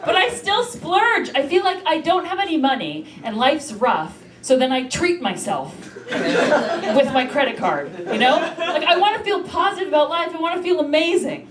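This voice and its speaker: A woman's voice: sits high, very animated, normal speed, a crowd in the background. A brash, self-mocking woman from Canada, performing a stand-up set on a comedy club stage and swearing freely. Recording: echoey room from far off, loud noise.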